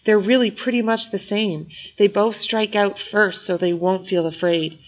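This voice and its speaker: A woman reading a novel aloud in first-person audiobook narration, measured and expressive. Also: medium pitch, highs cut off.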